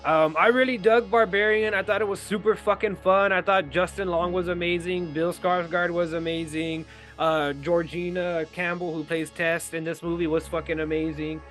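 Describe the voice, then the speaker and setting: A man co-hosting a podcast, retelling horror film scenes in animated, heavily profane casual chat. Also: high voice, normal speed, few pauses, soft background music. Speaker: podcast co-host.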